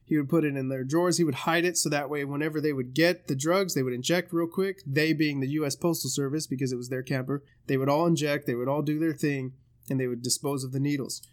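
A man co-hosting a podcast in casual chat, telling stories loosely with swearing, jokes and quick put-on voices. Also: a little high, fairly even intonation. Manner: loose, swearing storyteller who does voices and laughs often. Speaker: podcast co-host.

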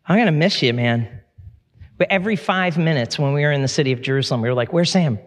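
A man's voice: on the high side, fast. A middle-aged man preaching as a pastor, candid and conversational, with fillers and restarts. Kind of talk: sermon. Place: church sanctuary. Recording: long reverb of a large hall.

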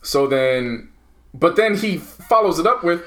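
Guy on a podcast ranting about football, bright edgy voice, swears a lot. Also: on the high side, normal speed. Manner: loose, profane, animated storytelling. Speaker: podcast co-host. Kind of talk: casual sports chat.

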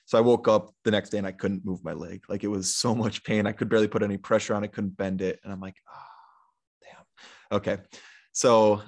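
A young man with a fairly low voice, chatting as a guest on a podcast. He tells his story loosely, with plenty of likes and ums, and acts out what people said to him. His tone stays easygoing and conversational. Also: fast, hardly any pauses. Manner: relaxed, rambling, many fillers and retold quotes. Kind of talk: casual storytelling in an interview.

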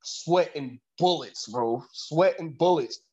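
A man recounts a story in loose, profane slang, laughing as he goes. His voice sits a little high. The recording sounds dull and lo-fi. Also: slow, a little mellow, breathy edge. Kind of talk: casual storytelling.

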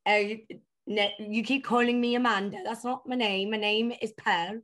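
A woman's voice: medium pitch, fairly even intonation, normal speed, a bit bright, pitched above the performer's own voice, lightly acted. A woman playing a sassy, curt persona. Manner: curt, brushing people off.

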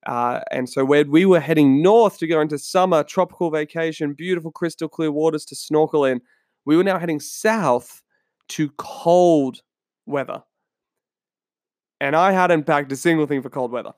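A man's voice: on the high side, brisk, darkish tone, no echo, studio quality. An Australian man hosting his own podcast, talking earnestly and telling a story to his listeners with questions along the way. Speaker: podcast host and coach. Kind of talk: solo podcast talk. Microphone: studio microphone.

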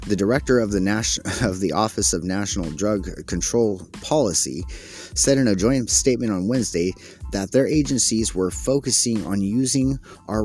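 Deep-voiced exasperated male podcaster. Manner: halting and exasperated, frequent restarts. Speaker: podcast host. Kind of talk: solo opinion podcast, reading news and commenting.

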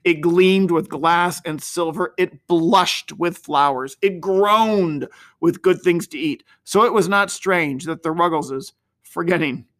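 Bright, high-voiced man narrating a storybook. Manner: expressive, gently dramatic.

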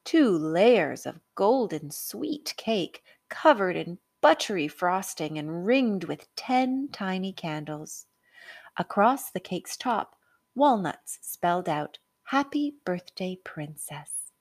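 Female narrator for a picture book read-aloud; lowish voice, animated and slow. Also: no echo, clean studio sound. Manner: expressive, unhurried, dramatic. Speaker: storyteller.

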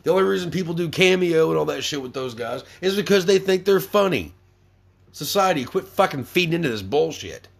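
A man's voice: fairly high pitch, animated, fairly quick, gravelly. A young man hosting a podcast, ranting angrily with constant swearing and stammered restarts. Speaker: podcast host. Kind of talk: profane ranting monologue.

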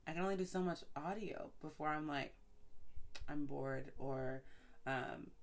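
A woman's voice: low-pitched, measured pace. A woman in casual conversation who talks loosely, full of fillers and "like". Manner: chatty, many fillers and likes. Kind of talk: casual chat.

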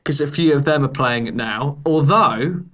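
Bright-voiced male podcast host. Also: fairly high pitch, moderate pace. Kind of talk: casual gaming podcast chat.

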